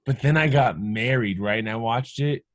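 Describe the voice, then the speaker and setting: A man's voice: medium pitch, moderate pace, no room sound. A man in his thirties, a married father, talking casually and reflectively on a podcast, in long earnest phrases. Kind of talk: casual chat.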